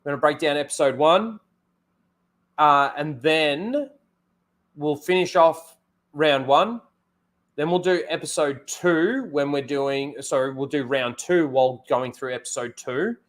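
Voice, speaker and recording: A man's voice: a little high, measured pace. A man hosting a casual livestream, rambling, correcting himself and talking straight to his viewers. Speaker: livestream host.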